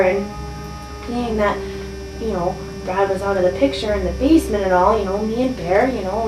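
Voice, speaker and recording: A woman playing a grieving friend in a mock documentary, halting and tearful with many fillers, recorded in an echoey room from a distance with faint music behind. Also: a little high, natural voice.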